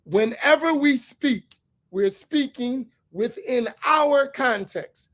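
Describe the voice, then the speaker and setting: A man's voice: very high-pitched, animated, slow pace, fairly bright tone. A man speaking as an imam, giving an emphatic lecture-style sermon and repeating his key points. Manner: asks for slides to be put up.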